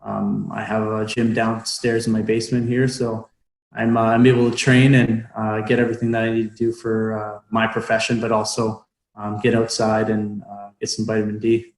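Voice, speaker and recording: A young man chats as an interview guest from home over a remote call. His delivery is flat and even, halting with fillers and restarts. The sound is roomy and echoey. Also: on the low side. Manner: hesitant, many fillers and restarts. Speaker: professional hockey player, guest. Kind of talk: casual interview chat.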